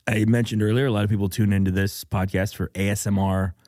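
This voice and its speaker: A man's voice: lowish voice, steady tone, quick pace, mellow, no room sound, studio quality. A man from the Midwest hosting a comedy podcast in casual chat, joking and riffing playfully. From American Midwest. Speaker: podcast host.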